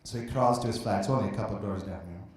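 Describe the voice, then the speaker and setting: A man's voice: lowish voice, very fast, a little mellow. A young man from upstate New York, an audience volunteer telling a joke on a live stage, rambling off on tangents. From Binghamton, New York area, USA. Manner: rambling, prone to tangents, self-conscious. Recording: echoey live venue.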